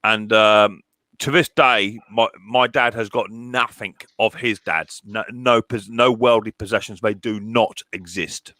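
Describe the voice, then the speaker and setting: Brief: middle-aged man, bright and dry-sounding, chatty, stumbles and repeats words, jokey. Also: fairly low pitch, steady tone, measured pace, no echo. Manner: stammering restarts, joking, teasing. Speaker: mower repairer. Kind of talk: casual chat.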